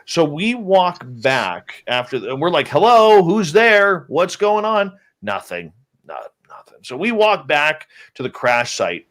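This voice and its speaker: A man, a guest on a show, casually telling a story about a trip into the woods, acting out what his companions said. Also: mid-range voice. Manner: lively, acts out the quoted lines of his companions.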